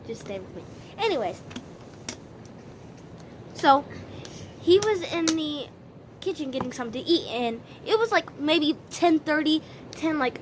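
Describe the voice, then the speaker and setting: A woman's voice: sits high, fairly bright tone, slight background noise. A woman vlogger telling a story casually to camera, rambling with many restarts.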